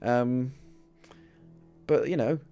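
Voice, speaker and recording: A man doing gameplay commentary, excitable, swearing at the game and laughing at himself. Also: medium pitch, drawn-out words, vocal fry, faint music behind. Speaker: gaming video creator. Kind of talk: let's-play gameplay commentary. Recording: racing car engine noise behind. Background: car engines from the game.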